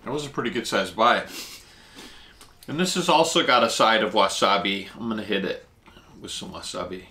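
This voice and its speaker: A man hosting a casual food vlog, tasting dishes and explaining Japanese food words as he eats, talking with his mouth full. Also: moderate pace. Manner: eats while talking, with lively jumps in pitch.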